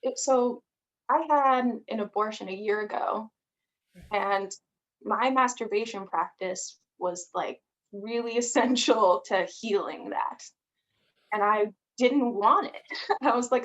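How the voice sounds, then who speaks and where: A woman's voice: a little high, fairly bright tone. A woman guest on a podcast interview, speaking openly about personal experience and laughing between phrases. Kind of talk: casual personal conversation.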